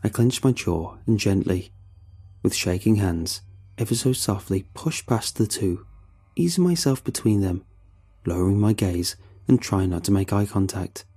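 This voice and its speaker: A man telling a first-person horror story in a tense, measured way. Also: lowish voice, warm tone, husky, faint music behind.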